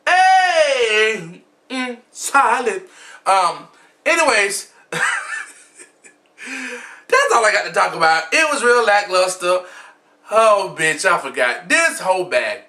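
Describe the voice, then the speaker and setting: A man's voice: high-pitched, sing-song, a little slow, long pauses, pushed and bright. A man giving a sassy, flamboyant, blunt gossip commentary as a vlogger, recording himself at home. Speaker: vlogger recapping a reality show. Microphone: camera mic, self-recorded.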